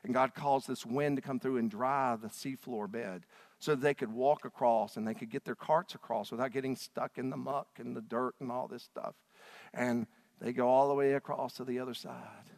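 A man preaching a sermon, telling scripture stories dramatically and acting out the quotes with big swings between loud and soft. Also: mid-range voice, long reverb tail. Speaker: pastor.

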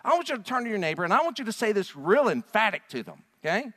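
A man with a high voice preaches with emphasis, pressing each point home to a congregation. His words ring out with a long reverb in a large church hall. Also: sing-song, fast. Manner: emphatic, rising to loud declarations. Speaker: pastor. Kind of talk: sermon.

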